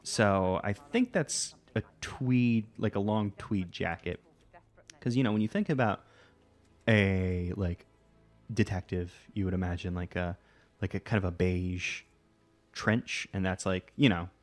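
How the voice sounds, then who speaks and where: A man's voice: deep voice, measured pace, soft background music. A man hosting a let's play, giving casual gameplay commentary and thinking aloud in a rambling way full of fillers.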